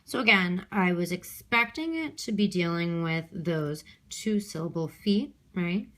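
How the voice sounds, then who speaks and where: Slow, patient woman teacher on phone. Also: lowish voice, expressive, a bit bright. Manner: talks through steps aloud, many ums and okays. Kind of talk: recorded extra help lesson. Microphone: handheld phone.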